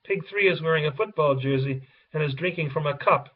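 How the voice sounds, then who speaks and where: A man's voice: on the high side, brisk. A man reading the stage directions of a children's play aloud in a plain way. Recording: distant, dull lo-fi recording.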